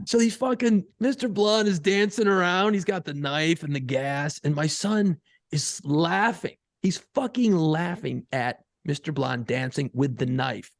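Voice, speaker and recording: Gravelly, profane podcast co-host man. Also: a little high, normal speed, no echo, studio quality. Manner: profane, animated storytelling. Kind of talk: casual chat.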